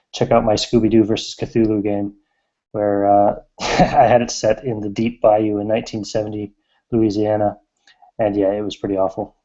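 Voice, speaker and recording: A man's voice: lowish voice, warm tone. Self-deprecating man on a dull video call. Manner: self-deprecating, hesitant with many fillers. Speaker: game master on a video hangout. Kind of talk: casual group chat.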